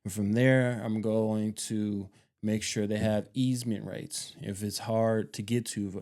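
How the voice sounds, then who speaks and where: A man hosting a homestead vlog, talking casually and rambling, repeating himself with relaxed slang. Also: lowish voice, a little slow. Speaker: homestead channel host.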